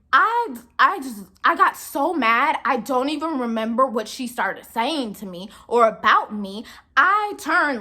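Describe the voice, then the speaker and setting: A woman's voice: fairly high pitch, pushed and bright. A young adult woman vlogging a casual storytime about a rude customer at work, exasperated and full of rhetorical questions.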